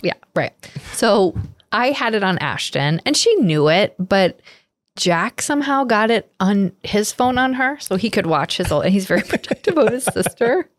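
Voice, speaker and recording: A woman's voice: mid-range voice, animated, moderate pace, no room sound, clean studio sound. A woman in her forties co-hosting a podcast, chatting casually and telling family stories with frequent laughs. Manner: chatty storyteller, laughs often. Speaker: podcast co-host. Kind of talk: casual chat.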